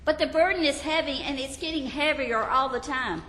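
A woman's voice: moderate pace, pushed and bright, reverberant, big-room sound, slight background noise, poor audio. A woman voicing an anxious adult sinner who keeps protesting in a raised, insistent voice. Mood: anxious pleading. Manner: insistent, raised and high-pitched. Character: pleading anxious sinner, adult, self-doubting.

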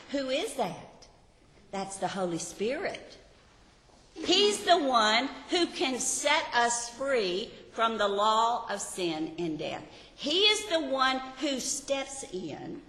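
A woman with a bright, fairly high voice teaches a Bible lesson at an unhurried pace. She sounds earnest and keeps drawing her listeners in with rhetorical questions. Her voice rings out in a large, reverberant hall.

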